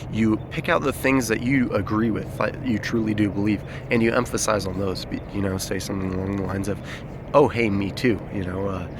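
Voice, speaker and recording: A man's voice: lowish voice, noisy background. A man giving an unscripted self-help lesson outdoors, talking loosely with many fillers and restarts, recorded on a phone. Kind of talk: unscripted outdoor explainer video. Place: outdoors in nature. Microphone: phone held by the speaker.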